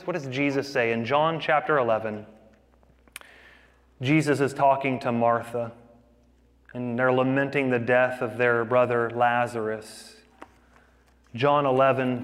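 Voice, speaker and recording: A man preaching a sermon in a dramatic way, rising to loud declarations and dropping to near whispers. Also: mid-range voice, fairly even intonation, normal speed, big-room sound. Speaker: pastor.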